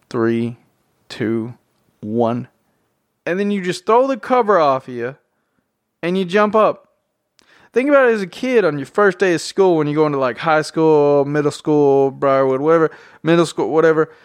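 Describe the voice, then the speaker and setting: Young tennessee dude, southern drawl, kinda high voice, dry close sound, rambly and hyped. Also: male voice, clean tone, no echo. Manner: excitable, slangy, repeats himself. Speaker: vlogger. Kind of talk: casual motivational vlog.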